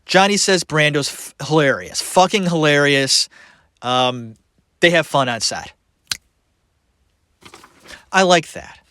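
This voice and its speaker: A male podcast host talking on his own, his pitch swinging up and down as he laughs and throws in sarcastic asides. His voice sits a little high for a man. The sound is dry and close, with no room around it. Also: lively intonation, slow pace, long pauses, pushed and bright, clean tone, dry recording. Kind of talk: solo podcast commentary.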